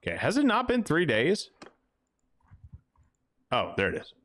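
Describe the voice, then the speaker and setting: A man's voice: fairly high pitch, wildly swooping pitch, unhurried, fairly bright tone, no echo. A man hosting a livestream, rambling and joking crudely while he plays. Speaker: livestream host. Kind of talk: casual gaming commentary.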